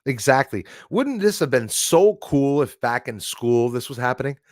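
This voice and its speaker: A man's voice: medium pitch, very animated, normal speed, a little mellow, dry recording, clean studio sound. A middle-aged man from Canada hosting a live stream, chatting casually and rambling as he reads viewer comments aloud. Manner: chatty, rambling, laughs often.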